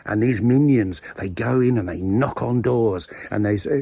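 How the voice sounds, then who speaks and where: A man's voice: medium pitch, moderate pace, creaky, warm tone, breathy edge, no room sound. A man hosting his own video blog, rambling through a satirical, mock-serious monologue with playful asides, outdoors in a village graveyard. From England. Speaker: video blogger host.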